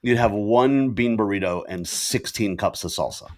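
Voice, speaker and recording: A man co-hosting a podcast, telling stories in animated casual banter and laughing often, recorded over a video call. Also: fairly low pitch, moderate pace. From Indian family. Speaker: podcast co-host. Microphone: video call with ring light.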